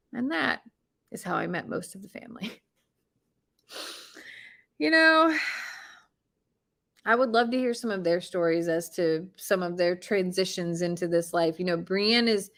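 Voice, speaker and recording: A woman telling a personal story in a casual, animated way, laughing often and swinging between excited and hushed. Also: fairly low pitch, unhurried, pauses often. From Midwest US.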